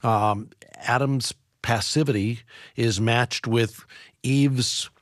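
A man hosting a podcast, thinking aloud in a halting, searching way. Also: medium pitch, steady tone, no echo, clean studio sound. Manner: thoughtful, halting, searching for words. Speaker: podcast host. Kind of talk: reflective discussion.

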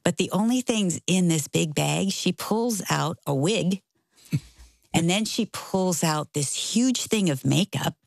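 Middle-aged woman guest, low gravelly storyteller, dry close sound. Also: slow, no echo. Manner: animated, acts out quoted voices. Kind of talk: casual storytelling.

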